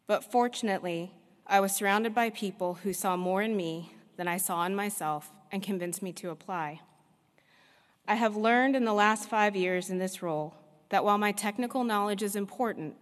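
Woman giving an earnest speech in a hall. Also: medium pitch. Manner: measured, earnest, with deliberate pauses. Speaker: veterinarian giving a graduation address. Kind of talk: prepared commencement speech. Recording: long reverb of a large hall.

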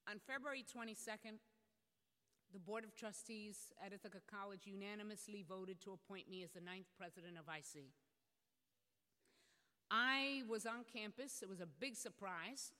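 A woman's voice: medium pitch, normal speed, bright, forceful tone. A woman college president telling a personal story from a stage in an earnest, reflective way, with small hesitations. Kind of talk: personal story told in a public speech. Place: stage in a large hall. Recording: long reverb of a large hall.

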